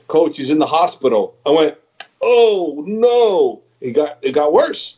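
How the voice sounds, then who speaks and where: A middle-aged man, an MMA trainer, telling a story on a podcast over a video call, animated and quoting his own reactions. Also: a little high, normal speed. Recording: slightly dull video call audio.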